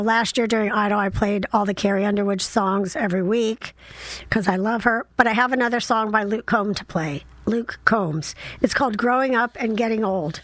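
A woman's voice: mid-range voice, no echo. A middle-aged woman hosting a casual solo show, chatting in a rambling way with many fillers and asides. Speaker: podcast host.

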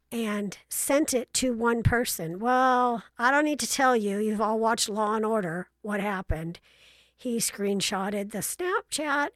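A middle-aged woman tells stories in a frank, playfully blunt way, slipping into other people's voices as she goes. Her sound is dry and close, with no room echo. She keeps it casual and chatty throughout. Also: medium pitch. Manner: acts out voices in her anecdotes. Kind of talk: casual storytelling monologue.

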